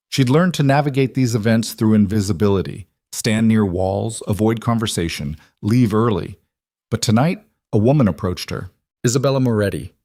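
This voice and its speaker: Brief: male narrator, low voice, measured dramatic read, dry close recording. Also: a little mellow, dry recording. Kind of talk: scripted story narration.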